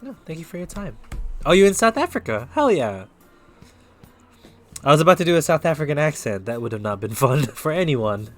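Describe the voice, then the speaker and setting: A man's voice: on the high side, sing-song, fairly quick, long pauses, soft background music. A man giving a casual tarot reading on a live stream, chatting loosely and directly with his viewers. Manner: chatty, talks straight to chat viewers, loose and upbeat.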